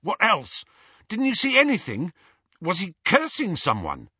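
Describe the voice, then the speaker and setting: A teenage boy wizard presses his friend with loud, urgent questions, as a man voices him for an audiobook. His voice sits high and husky. The sound is dull and dry. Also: wildly swooping pitch, measured pace, no room sound, heavily acted. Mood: pressing. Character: agitated teen boy wizard.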